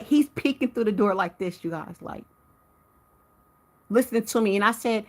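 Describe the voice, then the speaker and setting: A woman hosting a live stream, telling her viewers about a dispute with a neighbor in a heated, animated way and talking to them directly. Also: medium pitch, normal speed, pauses often. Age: adult with a teenage son. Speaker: livestream host.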